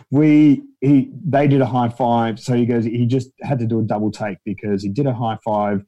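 A man's voice: medium pitch, fairly even intonation, moderate pace, dark tone, highs cut off. A man, a guest in a casual interview, telling rambling stories and acting out quotes in a raised voice. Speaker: guest, founder of an extras agency.

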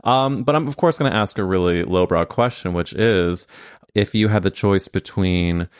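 Deep-voiced teasing male podcast host. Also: moderate pace, smooth, no echo, clean studio sound. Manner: teasing, crude, playful questions. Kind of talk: casual podcast chat.

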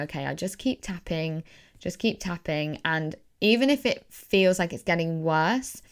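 A woman hosting her own podcast as a coach, talking in an earnest, reflective way and doubling words for emphasis. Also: lowish voice. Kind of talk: casual solo podcast talk.

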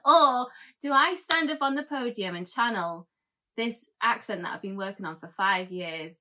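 A woman's voice: medium pitch, moderate pace, sharp tone. A woman being interviewed in a casual chat, giggling often and poking fun at herself. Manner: giggly, self-deprecating. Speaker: interview guest.

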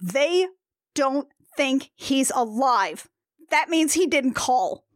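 A woman's voice: high-pitched, lively intonation, takes it slowly, dry recording, studio quality. A woman hosting a casual podcast, recapping a comic strip with exasperated sarcasm and frequent laughter.

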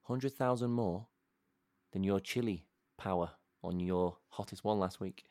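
A man's voice: low voice, measured pace, mellow. A man co-hosting in upbeat, chatty banter. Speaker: co-host. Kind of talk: casual banter.

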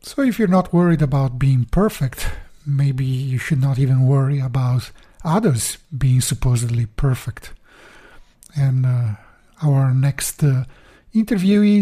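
Relaxed male podcast host, mellow tone. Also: mid-range voice. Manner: friendly and relaxed, with hesitant fillers. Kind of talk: linking segments of a podcast.

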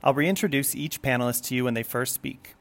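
Male host, mid-pitched, reading a scripted podcast introduction in a measured, formal way.

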